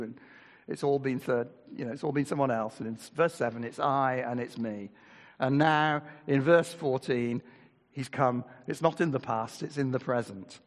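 A man's voice: mid-range voice, in a large hall. An older man preaching a sermon in a chatty way, reading scripture aloud and asking his listeners rhetorical questions.

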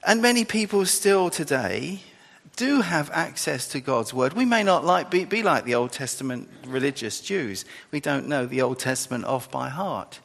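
Lively gravelly preacher in a reverberant hall. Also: male voice, on the high side, moderate pace. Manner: conversational, rambling with restarts and asides. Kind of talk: sermon.

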